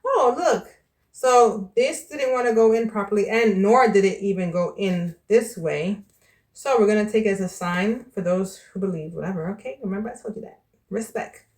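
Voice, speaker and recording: Woman vlogger and tarot reader from New York, mid-pitched, chatty, candid, casual delivery to camera. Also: a little mellow. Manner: chatty and candid, calls the viewer "child" and "baby".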